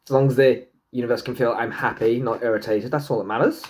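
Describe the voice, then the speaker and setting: A man's voice: quick pace, slight background noise. A man giving a casual tarot reading to camera, swearing freely and joking with himself. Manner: chatty, swears freely, jokes to himself, talks back to the universe; lively pitch, swoops high into silly put-on voices. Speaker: tarot and numerology reader.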